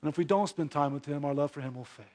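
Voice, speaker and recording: Man, pastor, sermon, high-pitched voice, hushed asides then emphatic rises, rhetorical questions. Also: quick pace. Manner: swings between hushed low asides and raised emphatic exhortation; addresses the congregation directly with rhetorical questions.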